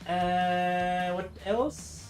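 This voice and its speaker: A man's voice: high voice, fairly even intonation, drawn-out words, faint music behind. Chatty German-accented man streaming games. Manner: chatty, answers chat aloud, self-correcting restarts. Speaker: game streamer. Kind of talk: casual live-stream chat.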